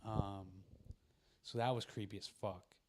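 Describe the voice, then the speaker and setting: A man's voice: fairly low pitch, fairly even intonation, unhurried, background noise. A man hosting a casual podcast chat, retelling a film's plot in a rambling way, acting out the characters' lines and swearing freely. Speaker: podcast host.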